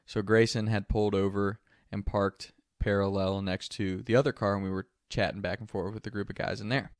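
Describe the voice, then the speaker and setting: A man's voice: lowish voice, dry recording, studio quality. Casual laughing young man telling a story. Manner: laughs through the telling, animated. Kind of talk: casual anecdote.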